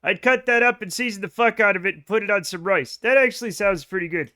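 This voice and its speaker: A man's voice: high-pitched, fast, hardly any pauses, sharp tone. A middle-aged American man streaming live, chatting casually with viewers in a joking, profane way that often breaks into laughter.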